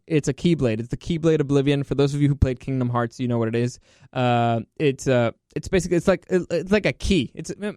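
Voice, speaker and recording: A man's voice: fairly high pitch, clean tone, no room sound, studio quality. A young man hosting a podcast, telling stories in a loose, rambling way and laughing as he goes. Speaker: podcast host. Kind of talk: casual Q&A storytelling.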